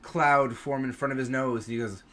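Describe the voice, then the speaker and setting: A man's voice: medium pitch, steady tone, normal speed, pushed and bright. A man narrating a tabletop game as game master, loose and descriptive.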